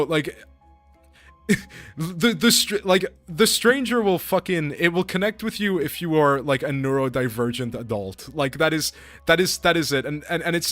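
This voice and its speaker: A young man streaming a game, talking casually in a rambling, excitable way with lots of restarts and swearing. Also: on the high side, dry recording. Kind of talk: casual gameplay commentary.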